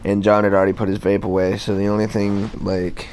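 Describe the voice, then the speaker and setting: A man's voice: lowish voice, completely flat delivery, brisk, a little mellow, a little hiss or hum. A young man telling a school story in a rambling, laid-back way, full of fillers and swearing. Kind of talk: casual storytime.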